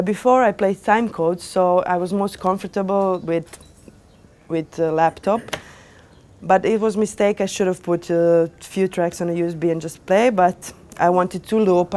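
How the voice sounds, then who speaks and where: A young woman DJ telling her story to an audience in animated, non-native English with small grammar slips, lots of fillers and restarts. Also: fairly low pitch, normal speed, a little hiss or hum. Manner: animated, acts out quoted dialogue. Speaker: DJ giving a lecture.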